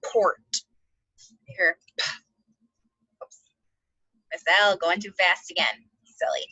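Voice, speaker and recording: A woman teacher giving a phonics lesson to second graders, slowly sounding out words and spelling letters aloud. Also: fairly low pitch, steady tone, sharp tone, breathy edge, no room sound, dull audio.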